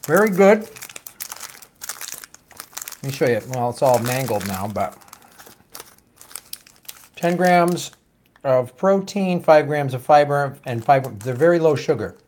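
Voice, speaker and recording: A man's voice: mid-range voice, lively intonation, takes it slowly, pauses often, darkish tone, a little hiss or hum. A man hosting a live-stream show, reading viewer comments and questions in a loose, joking, profane way. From United States. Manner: loose, jokey and profane, with many fillers and trailing asides. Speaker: host of a political show.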